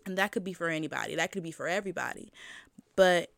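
A woman's voice: fairly low pitch, quick pace, gravelly, no room sound, clean studio sound. A woman vlogger giving a casual, emphatic motivational talk, addressing her listeners directly in slangy speech and repeating her points for stress.

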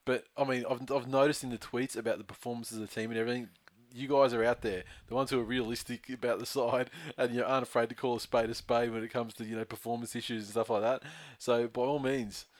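A man's voice: mid-range voice, level tone, quick pace, dry recording. A man co-hosting a sports podcast, talking in a blunt, argumentative, sweary way. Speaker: podcast co-host. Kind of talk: casual sports chat.

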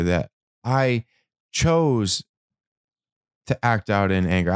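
A man giving a reflective motivational talk about anger and change, slow and emphatic, repeating words and now and then swearing. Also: lowish voice, clear, resonant tone, no echo, clean studio sound. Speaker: self-help speaker.

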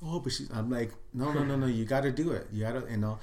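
A middle-aged man telling stories as an interview guest, with a voice of ordinary pitch for a man. He talks loosely and casually, peppering his talk with "dude" and "you know what I mean". He acts out the quoted lines, now loud, now hushed. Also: fast talker. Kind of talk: casual storytelling chat.

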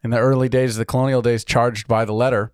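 A man's voice: medium pitch, level tone, fast, smooth, no echo. Dry-miked man in chatty podcast banter. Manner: laughs often, slips into goofy voices. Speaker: podcast co-host. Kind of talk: casual chat.

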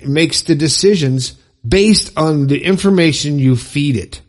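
A man's voice: on the high side, a little mellow. A man giving an earnest, rambling motivational talk to listeners, often repeating himself. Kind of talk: motivational monologue.

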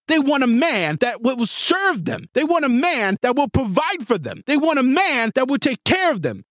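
A man hosts a podcast and rants with conviction, his pitch swinging all over the place. The sound is dry and close, with no room around it. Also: a bit bright, no echo. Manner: impassioned, ranting, pitch swings widely. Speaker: podcast host. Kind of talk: opinionated monologue.

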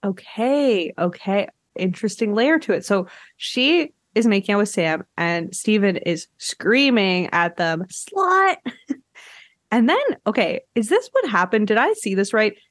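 A woman from Canada hosting a podcast in casual chat, talking in a loose, chatty way full of filler words and easy laughter. Her voice sits at a middle pitch, recorded dry and close to the mic. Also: lively intonation, moderate pace, hardly any pauses, dry recording. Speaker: podcast host.

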